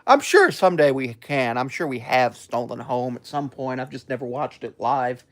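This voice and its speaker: A young man chatting casually on a live stream, rambling and laid-back, with frequent ums and soft chuckles. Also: medium pitch, expressive, moderate pace.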